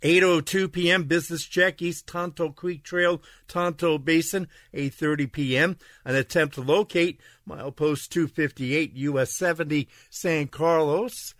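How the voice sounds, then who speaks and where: A man's voice: a little high, fairly even intonation, a little slow, few pauses, a bit bright, dry recording. A man hosting local radio, reading a police log and a weather forecast in a clipped, list-like delivery. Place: radio studio. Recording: music bed behind the voice.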